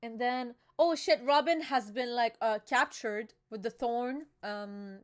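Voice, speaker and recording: A young woman with a high, bright voice hosts a casual live reaction chat. She is excitable and emotional, drops slang and plenty of fillers, and rambles as her thoughts come. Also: slow. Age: young adult. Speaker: channel host reacting to a manga chapter.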